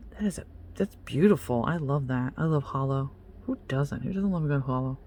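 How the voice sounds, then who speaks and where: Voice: mid-range voice, fairly quick, darkish tone. Chatty young beauty vlogger talking to products. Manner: chatty, playful, talks to the products; self-mocking. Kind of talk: casual unboxing chat.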